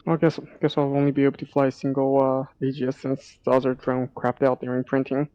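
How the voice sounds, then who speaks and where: A man's voice: mid-range voice, monotone, fast talker, no echo, muffled recording. A man playing a game, chatting offhandedly over voice chat. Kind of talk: casual chat.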